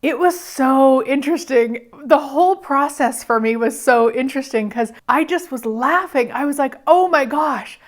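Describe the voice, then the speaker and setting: Chatty, higher-voiced woman host. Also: moderate pace, hardly any pauses. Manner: candid, chatty, laughs easily. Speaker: radio show host. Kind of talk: personal storytelling monologue.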